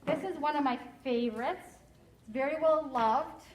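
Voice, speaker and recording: A woman's voice: sits high, takes it slowly, pauses often, a little mellow. A woman teacher reading a picture book aloud to her class, playful and encouraging, savoring fun words. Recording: roomy classroom echo.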